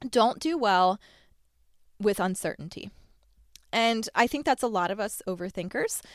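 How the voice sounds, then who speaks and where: A young adult woman talks straight into a close mic in a dry, deadened room, hosting her own podcast. Her delivery is chatty and candid, with quick self-deprecating asides. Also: medium pitch, dry recording. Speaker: podcast host. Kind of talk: solo podcast monologue.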